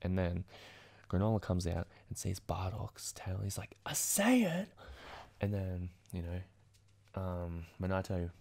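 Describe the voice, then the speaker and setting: A man's voice: low-pitched, flat delivery, a little slow, creaky, warm tone. A man hosting a casual comic recap video, chatty and rambling as he strings events together. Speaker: video host.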